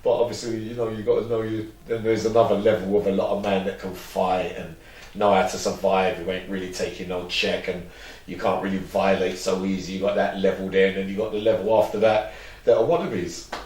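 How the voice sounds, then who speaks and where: Man, deep voice, interview guest, rambling storyteller, roomy echo. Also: little pitch movement, a little fast, darkish tone, distant mic. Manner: rambling, acts out quoted dialogue. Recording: roomy echo, mic set back.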